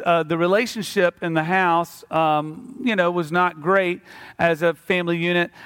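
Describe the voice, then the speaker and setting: A man's voice: high voice, a bit bright, smooth. A man preaching a sermon, telling a story in a plain, conversational way before rising into earnest exhortation. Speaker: pastor.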